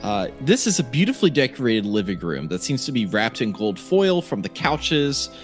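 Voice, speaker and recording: Man, game master, tabletop narration, hesitant, animated pitch, faint music. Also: normal speed. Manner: hesitant, filler-heavy descriptions.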